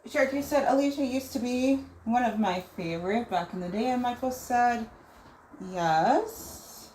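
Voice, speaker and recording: Woman streamer reading chat out loud, slow and kinda high voiced, echoey room. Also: slight background noise. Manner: reads viewer messages aloud and muses on them. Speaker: livestream host. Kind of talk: casual livestream chat. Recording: roomy echo.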